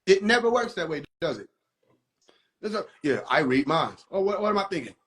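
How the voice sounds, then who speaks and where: High-voiced man ranting profanely. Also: brisk. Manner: animated, mocking, swears constantly. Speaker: livestream host. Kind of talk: profane comedic rant. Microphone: phone.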